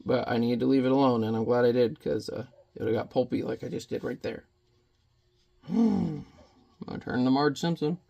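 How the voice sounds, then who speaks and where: Man, gravelly voice, casual painting vlog, rambles, mutters to himself while working. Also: medium pitch, normal speed, warm tone, muffled recording. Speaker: watercolor painting vlogger.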